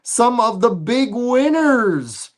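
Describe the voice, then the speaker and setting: A man co-hosting a podcast in a casual, measured way, recapping the news. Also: extremely high pitch, big pitch swings. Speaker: podcast co-host.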